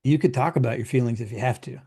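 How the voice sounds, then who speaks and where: A man's voice: mid-range voice, mellow, husky. A middle-aged man coaching in casual conversation, chatty and explaining with homely examples. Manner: chatty, acts out clients in quick put-on voices.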